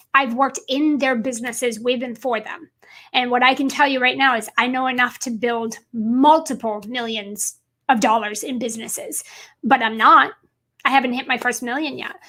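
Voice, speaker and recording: Woman, business coach, livestream talk, emphatic, repeats for stress, bright tense tone. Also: high voice.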